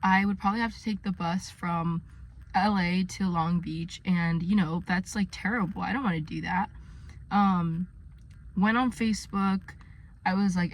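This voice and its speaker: A woman's voice: on the low side, steady tone, moderate pace. Chatty young woman vlogging from her car. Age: young adult. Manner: chatty, earnest, many fillers. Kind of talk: casual faith vlog.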